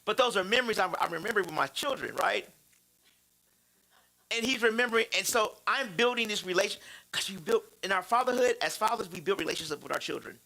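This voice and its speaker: A man in his thirties preaching about fatherhood through personal stories, animated and laughing, repeating phrases for emphasis. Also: high voice, quick pace, gravelly, poor audio. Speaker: church speaker on fatherhood.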